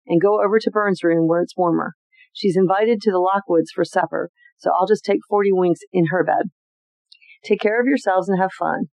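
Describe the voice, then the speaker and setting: A podcast host reading old family letters aloud in an expressive, chatty way, adding personal asides between them. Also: medium pitch, vocal fry, dry recording, lo-fi sound.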